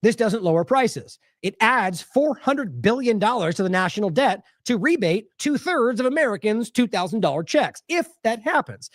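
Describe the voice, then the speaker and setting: A man's voice: sits high, very animated, normal speed, hardly any pauses, no echo, clean studio sound. A man hosting an independent news show, commenting on clips in a casual, exasperated and sarcastic way with scoffing laughs.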